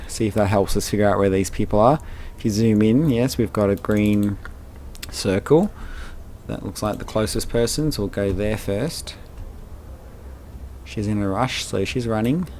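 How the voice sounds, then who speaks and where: A man's voice: fairly low pitch, a little mellow, a little hiss or hum. A man hosting a casual let's play, narrating his gameplay in a rambling way with plenty of fillers. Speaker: game channel host.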